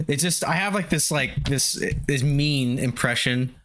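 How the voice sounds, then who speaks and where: A man's voice: mid-range voice, a bit bright. A young man streaming a game, chatting casually with viewers, laid-back, swearing and laughing often. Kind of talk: casual gameplay chat with viewers.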